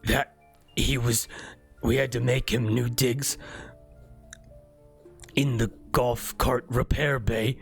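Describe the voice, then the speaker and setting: A man voicing a feeble, dying old gang boss who speaks in a slow, halting, breathy half-whisper. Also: mid-range voice, little pitch movement, faint music behind. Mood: weak.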